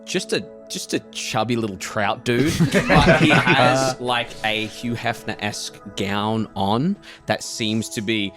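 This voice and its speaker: A man's voice: medium pitch, slow, hardly any pauses, music in the background. A man narrating as game master of a tabletop game, rambling through descriptions with lots of fillers.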